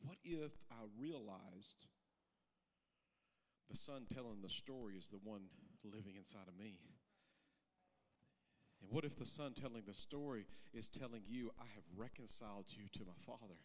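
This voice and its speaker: A male pastor preaching a sermon in a folksy, plain-spoken way, swinging from quiet intimate talk to loud impassioned preaching. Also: lowish voice, moderate pace.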